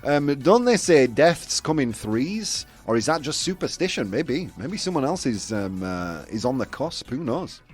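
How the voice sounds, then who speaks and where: Lively chatty man hosting a show. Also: mid-range voice, measured pace, hardly any pauses, husky, faint music behind. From United Kingdom. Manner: rambling, many fillers and restarts. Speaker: host. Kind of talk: casual chat show.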